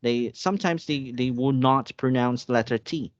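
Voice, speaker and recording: A man's voice: mid-range voice, normal speed, no room sound. Guy tutoring english online, patient, keeps checking you get it, kinda muffled. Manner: patient, checks understanding often. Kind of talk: online one-on-one lesson.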